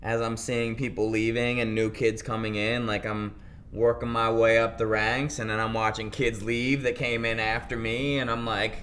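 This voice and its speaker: A young man from Pennsylvania, a guest in an interview, telling his story in a casual, animated way and acting out what people said. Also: mid-range voice, normal speed, a little hiss or hum.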